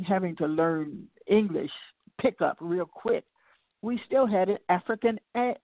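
A woman's voice: low voice, gravelly, no room sound. An older woman speaking as an interview guest, telling stories in a reflective, digressive way that often restarts and circles back to her point. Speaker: interview guest, singer and lecturer. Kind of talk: reflective conversational storytelling. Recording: tinny phone-line audio, dry.

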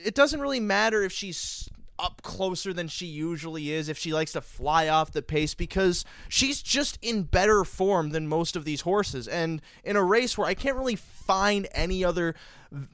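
A man's voice: high-pitched, expressive, moderate pace, creaky, a bit bright, no echo. A man hosting a racing podcast, asking the panel questions and throwing in wordy jokes and asides. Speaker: podcast host. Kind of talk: casual handicapping chat.

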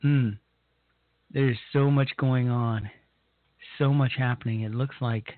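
Male talk radio host, unhurried, husky, stop-start delivery with lots of repeats, dry tinny phone-quality audio. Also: mid-range voice, fairly even intonation, no room sound. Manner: halting, repeats himself, emotional. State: nervous. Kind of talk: live political talk radio.

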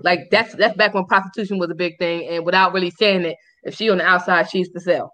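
A woman co-hosting a podcast, telling a dating story in casual chat, candid and animated with frank profanity. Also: lowish voice, fast talker. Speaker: podcast co-host.

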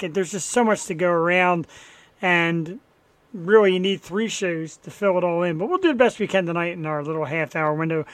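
A man's voice: sits high, fairly bright tone. A man with a Philadelphia accent co-hosting a casual talk show, playful and jokey, hyping up his guest. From Philadelphia area, USA. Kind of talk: casual podcast chat.

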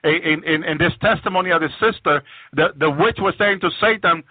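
A man's voice: fairly high pitch, brisk, no echo. A man giving a fervent religious testimony of his visions, often repeating words as he restarts. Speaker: guest sharing visions on a religious program. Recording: tinny phone-line audio, dry.

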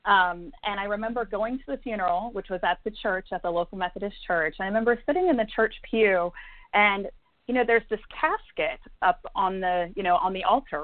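A woman from Indiana tells a long personal story as a guest, leaning on ums and small laughs. Her voice comes through a narrow, phone-like line with a dry sound and no room echo. Her pitch sits in the middle of the usual range. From Indiana, USA. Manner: warm storytelling with laughs and fillers. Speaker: psychic medium guest. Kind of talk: storytelling in an interview.

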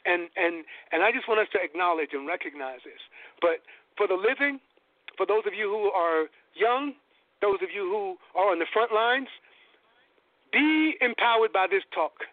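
A man with a high, ringing voice lectures with preacher-like fervor, climbing to emphatic peaks. The sound is dry and close. It comes through a thin, tinny phone-line connection. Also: lively intonation, normal speed, no room sound. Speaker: guest lecturer. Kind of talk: impassioned lecture.

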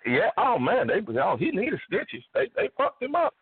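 Animated, high-voiced radio host man. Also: normal speed, breathy edge, dry recording. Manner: animated, swearing, laughing loudly. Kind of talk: casual profane storytelling. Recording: phone-like narrow band.

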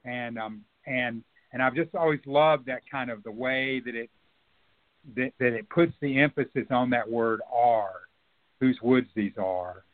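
A man, a novelist being interviewed, talking reflectively and haltingly with many fillers and restarts. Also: medium pitch. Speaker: novelist guest. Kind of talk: radio interview conversation. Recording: phone-like narrow band.

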